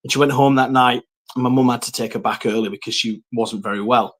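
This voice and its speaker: A man telling his personal faith story, earnest and reflective, with frequent pauses and ums. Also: mid-range voice, steady tone, fairly bright tone.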